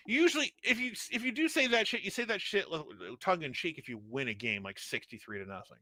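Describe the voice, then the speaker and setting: A man co-hosting a casual postgame livestream, talking fast and loose with lots of swearing and laughter. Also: high-pitched. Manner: animated, swearing, laughing, mimicking people. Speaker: livestream co-host.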